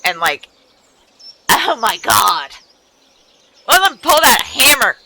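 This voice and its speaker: A woman's voice: on the high side, unhurried, vocal fry, noisy background. A young woman streamer in casual chat, swearing freely and slipping into silly voices. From an island. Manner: animated, swears a lot, slips into silly voices. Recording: music playing behind the voice.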